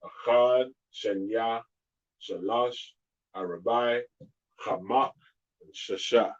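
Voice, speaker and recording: Man slowly drilling letter sounds. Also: on the low side, lo-fi sound. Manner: slow, drawn-out pronunciation drills; patient, repeats sounds over and over. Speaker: teacher. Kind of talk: live-streamed alphabet lesson.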